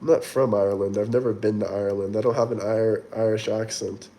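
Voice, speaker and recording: A man's voice: lowish voice, fairly even intonation, brisk, dark tone. Chatty man reading livestream comments. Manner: chatty, rambling, reads viewer comments aloud. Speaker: livestream host reading chat. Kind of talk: casual livestream chat.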